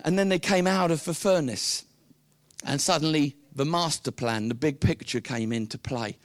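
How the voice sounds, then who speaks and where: Animated British preacher with a dry close sound. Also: male voice, on the high side, normal speed, dry recording. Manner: animated storytelling, acting out the characters. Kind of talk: sermon.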